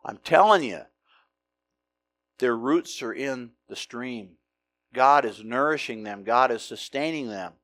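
A middle-aged pastor from the United States preaching a conversational, emphatic sermon full of rhetorical questions. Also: male voice, mid-range voice, lively intonation, slow pace, long pauses, a bit bright, dry recording.

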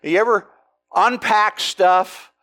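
A middle-aged pastor from the United States preaching a conversational, emphatic sermon full of rhetorical questions. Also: male voice, high voice, fairly even intonation, slow pace, pushed and bright, dry recording.

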